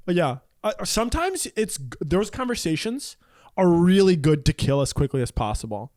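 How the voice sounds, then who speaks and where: High-pitched, giggly, teasing man. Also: big pitch swings, a little mellow, no echo, studio quality. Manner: giggly, teasing, quick to laugh. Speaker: podcast co-host. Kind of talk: casual comedic chat.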